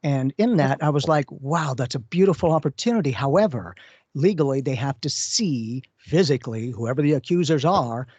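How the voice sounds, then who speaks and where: On a radio talk show, a man co-hosting as a psychic medium tells stories casually and acts out the voices of the people he quotes. His medium-pitched voice is lively in intonation, moderately paced, a little mellow with a breathy edge. The audio is dull lo-fi radio sound with no room sound.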